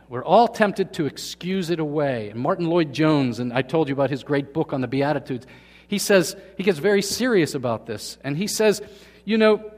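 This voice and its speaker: A man preaching a sermon to his congregation, asking them questions and swinging from quiet to emphatic. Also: fairly high pitch, long reverb tail. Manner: asks the congregation questions, swings between soft and loud. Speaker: pastor. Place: church hall.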